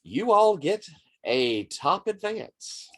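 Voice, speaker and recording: Slow-paced male game master narrating. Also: sits high, sing-song, a bit bright, no echo. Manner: measured, descriptive storytelling.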